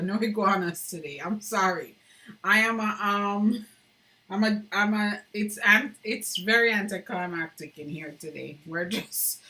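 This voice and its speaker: A woman's voice: mid-range voice, pushed and bright. A woman hosting a casual live stream from indoors at home, chatting with viewers and reading their comments aloud while she carves, with frequent laughter.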